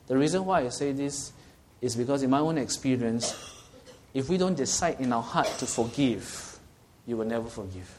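A man's voice: medium pitch, expressive, moderate pace, darkish tone, a little hiss or hum. A man preaching a sermon, earnestly teaching and asking his listeners questions. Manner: earnest and teaching, asks the audience questions, often checks with "okay?".

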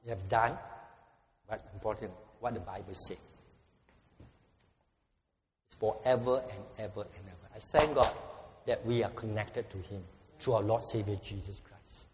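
A man preaching a sermon, emphatic, repeating key phrases and growing loud when he quotes scripture. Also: fairly low pitch. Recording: long hall reverb.

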